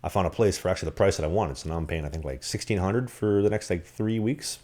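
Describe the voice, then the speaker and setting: Fast-talking man telling stories on a podcast. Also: low-pitched. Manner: animated, rambling anecdotes with acted-out quotes. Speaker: podcast co-host. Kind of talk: casual storytelling.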